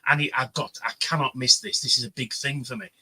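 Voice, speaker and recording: A man telling an animated story on a livestream panel, swearing freely and acting out the voices of the people he quotes. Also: medium pitch, fast talker, breathy edge, rough recording. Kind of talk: casual chat, storytelling.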